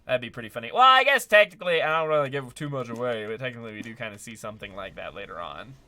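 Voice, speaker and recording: A man's voice: mid-range voice, expressive, rapid-fire, bright, forceful tone. A man giving chatty, upbeat live commentary while playing a video game, often laughing and talking to his chat. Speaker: streamer.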